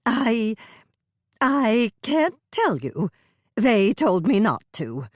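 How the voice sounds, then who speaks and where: A woman's voice: fairly low pitch, very animated, takes it slowly, husky, no room sound, studio quality, full character voice. A woman voicing an anxious, fussing older mother who talks in a flustered, pleading way.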